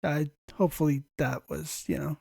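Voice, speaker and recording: A man hosting a casual podcast conversation, telling relaxed work stories and often clearing his throat. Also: a little high, normal speed, no room sound, clean studio sound. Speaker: podcast host, ER nurse.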